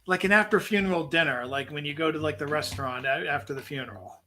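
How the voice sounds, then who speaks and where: A wry man co-hosts a loose comedy chat, laughing often and swearing offhand. His voice is bright and forward, sitting slightly high for a man. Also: quick pace. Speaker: podcast co-host.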